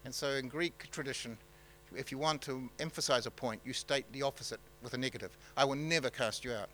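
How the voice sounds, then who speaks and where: A man preaching a sermon in a halting, conversational way, with many fillers and restarts. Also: medium pitch, pushed and bright, a little hiss or hum, low-quality recording. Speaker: pastor.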